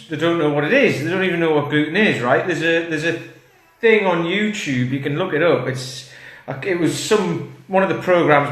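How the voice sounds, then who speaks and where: Fitness coach, vlog chat, bright rambling voice, slightly high, echoey room. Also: male voice. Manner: chatty, rambling, self-interrupting. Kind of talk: casual talking-head vlog. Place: indoors. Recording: roomy echo.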